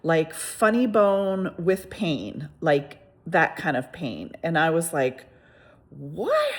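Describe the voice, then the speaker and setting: A woman's voice: low voice, slow. Rambling woman telling a story. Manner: rambling with frequent restarts and asides; lively, exclamatory retelling. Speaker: vlogger telling a personal story. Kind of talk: casual first-person storytelling.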